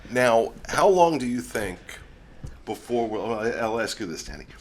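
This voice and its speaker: A man's voice: medium pitch, big pitch swings, moderate pace. A man hosting a podcast, leading the questions in casual chat.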